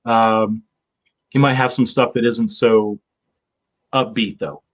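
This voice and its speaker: A man's voice: fairly low pitch, fairly even intonation, slow. A man in his fifties, hosting a casual chat, rambling with lots of fillers and swearing. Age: 50s. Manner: rambling, profane, with many fillers. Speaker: show host.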